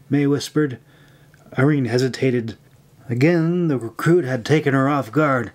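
A man reads his own fantasy novel aloud as an audiobook. His delivery is steady and even, at a middle pitch for a man. The tone is plain storytelling narration. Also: unhurried. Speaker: author reading his novel.

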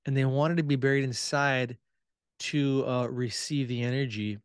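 A man in a casual podcast chat, telling stories in a relaxed way with many fillers. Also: mid-range voice, moderate pace, clean tone, no room sound, clean studio sound. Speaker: podcast guest, tour guide.

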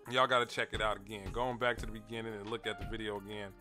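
A man's voice: lowish voice, fairly even intonation, fast. Man, casual commentary host, laughing and laid-back, faint music behind. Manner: laid-back, laughing, repeats words, addresses viewers directly.

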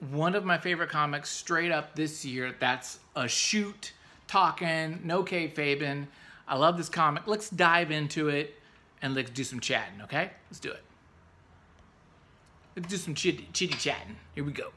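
A man hosting a comics review channel, talking in a casual, excitable, rambling way with jokey asides. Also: a little high, normal speed. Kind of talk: casual enthusiastic review vlog.

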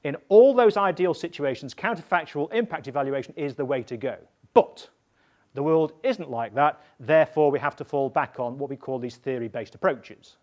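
A man, an evaluation expert, explaining methods to practitioners in a deliberate, emphatic way, often checking in with his listeners. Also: on the high side, lively intonation, darkish tone. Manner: emphatic, repeats points and checks in with "yeah?".

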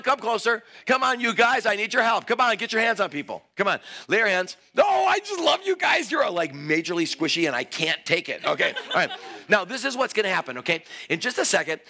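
Excitable, lively male preacher. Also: sits high. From Greek heritage. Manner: excitable, playful, exclaiming. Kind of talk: energetic altar-call sermon. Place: church sanctuary.

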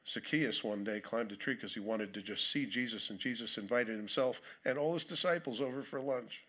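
Bright-voiced pastor preaching with dry humor. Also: male voice, medium pitch, brisk. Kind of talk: sermon with scripture reading. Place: church sanctuary.

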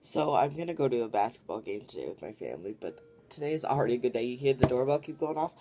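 A man's voice: mid-range voice, lively intonation, quick pace. Young man rambling into a vlog camera. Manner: rambling, venting, frequent "like". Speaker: vlogger. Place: home, then out and about. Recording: noisy background.

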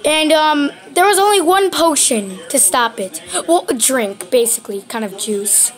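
A woman's voice: high voice, a little slow. A woman voicing plush toys in an improvised puppet skit, hesitant with many ums and restarts. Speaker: plush toy video maker.

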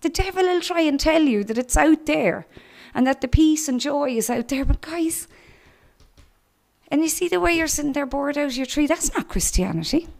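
A woman's voice: sits high, normal speed, vocal fry, darkish tone. A middle-aged Irish woman giving an earnest church testimony, speaking directly to young people. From Ireland.

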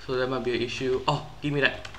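A man giving live gameplay commentary, excitable and easily frustrated, with sudden yelps and outbursts. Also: mid-range voice, quick pace, a little hiss or hum. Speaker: gaming YouTuber.

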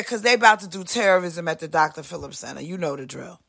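Brash, foul-mouthed woman with a bright voice. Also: lowish voice, lively intonation, fast, creaky. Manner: profane, brash, swings loud and soft, voices other people mid-rant. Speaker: podcast host. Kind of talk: unscripted monologue rant.

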